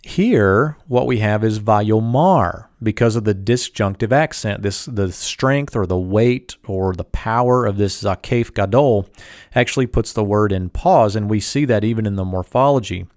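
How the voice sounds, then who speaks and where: Calm low-voiced man teaching Hebrew. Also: no echo, clean studio sound. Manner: calm, methodical, walks through each term slowly. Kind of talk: screen-share Bible language lesson.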